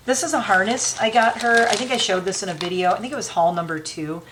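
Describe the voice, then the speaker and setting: A woman vlogging casually as she packs her puppy's travel bag, talking in a chatty and openly emotional way with warm, sentimental asides. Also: medium pitch, fast, noisy background. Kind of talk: casual chat.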